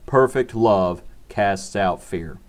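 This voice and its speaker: A man's voice: lowish voice, slow. A man preaching a short devotional sermon in an earnest, repetitive cadence.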